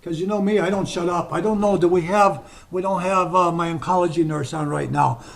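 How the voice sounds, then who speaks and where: An older American hypnotist speaks in a slightly high voice, telling stories to his group. He then eases into slow, soft, deliberate suggestions. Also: steady tone, vocal fry. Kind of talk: talk to an online group, with guided suggestion.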